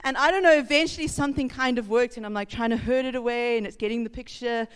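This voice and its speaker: A woman's voice: on the high side, fast talker, smooth. Chatty woman pastor in a hall. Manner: chatty, laughing, acts out sounds and voices. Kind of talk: casual sermon storytelling. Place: church hall. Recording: reverberant church hall.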